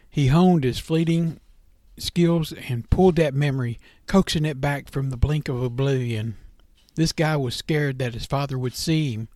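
Guy reading a story out loud, plain unpolished delivery, little stumbles, dry sound. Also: on the high side, no room sound. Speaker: narrator.

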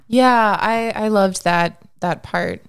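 A woman co-hosting a casual podcast, talking through a movie she enjoyed. Her voice sits at a medium pitch and is recorded dry and close, with no room sound. She laughs easily and retells scenes with animation. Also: takes it slowly, clear, resonant tone, no room sound. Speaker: podcast co-host. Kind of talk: casual movie review chat.

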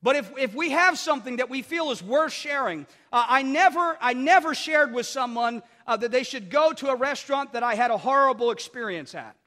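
A man's voice: extremely high pitch, fairly quick, few pauses, big-room sound. A man preaching a sermon as pastor, telling stories with lots of restarts and repeated words. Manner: animated storytelling with many restarts.

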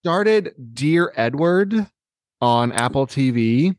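A man co-hosting a casual chat, telling a story excitedly with many fillers and restarts. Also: a little high, slow pace, dry recording, studio quality.

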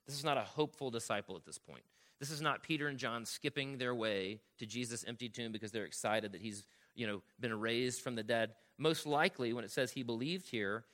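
A pastor preaches a sermon in a medium-pitched voice that sounds pushed and bright. He reads scripture aloud, slowing on key lines, then explains it in an earnest, teaching way that keeps checking in with the congregation.

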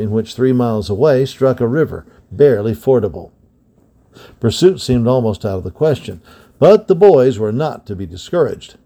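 A man reading an adventure story aloud with steady, dramatic storytelling. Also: fairly low pitch. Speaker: storybook reader. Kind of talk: scripted narration of an adventure story.

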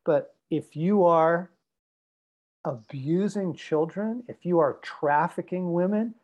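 A man's voice: fairly high pitch, takes it slowly, darkish tone, lo-fi sound. A man speaking as a podcast guest, emphatic and repetitive with a preacher-like drive. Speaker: guest speaker on men's development. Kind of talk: podcast conversation.

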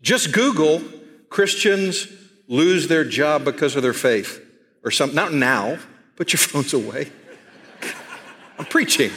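Texan preacher guy, middle-aged, repeats himself for punch, bit high pitched, big echoey church hall. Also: animated, fairly bright tone. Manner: emphatic, repeats phrases, slows down for stress. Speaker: pastor. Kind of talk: sermon. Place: church sanctuary.

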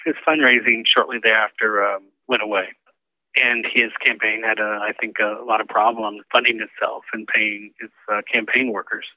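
Dude remembering old campaign stuff on a phone call, flat low voice, uh's and you knows. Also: male voice, moderate pace, no room sound. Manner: conversational, with fillers. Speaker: former campaign manager. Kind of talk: interview recollection. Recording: tinny phone line.

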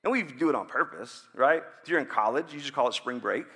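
A man's voice: medium pitch, lively intonation, a little fast, bright, forceful tone, slightly rough. A man in his thirties preaching a sermon in a conversational, joking way, acting out prayers. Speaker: pastor.

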